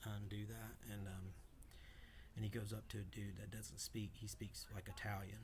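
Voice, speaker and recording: Hesitant low man, flat delivery. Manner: hesitant, halting, filler-heavy retelling. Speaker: day trader streaming live. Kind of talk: casual chat. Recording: clearly noisy background.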